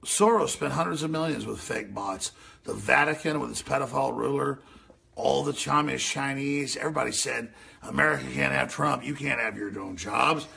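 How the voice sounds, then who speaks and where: A man hosting a radio show, ranting and mocking as he reacts to news clips, with a gravelly voice. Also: normal speed, sharp tone. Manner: ranting, mocking, mimics voices in shrill falsetto. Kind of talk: animated commentary over news clips.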